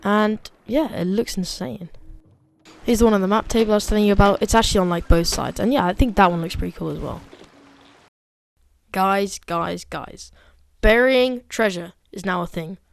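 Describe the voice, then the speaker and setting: A student woman giving a casual, chatty review of a game update, excitable and full of fillers. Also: mid-range voice, no echo. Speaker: gaming video creator.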